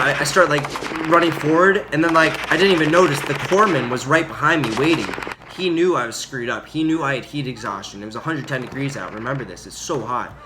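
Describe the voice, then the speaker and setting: A young man telling a story about his time as a Marine in a casual, rambling way, full of fillers and loud acted-out quotes. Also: medium pitch. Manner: rambling, filler-heavy, acts out quotes loudly. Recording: audible background noise.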